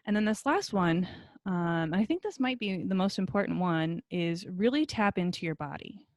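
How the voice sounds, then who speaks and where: A woman's voice: lowish voice, animated, normal speed, darkish tone, no room sound, clean studio sound. Encouraging woman teaching a recorded lesson. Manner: friendly, encouraging, with many fillers. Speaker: college instructor. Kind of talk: recorded video lecture.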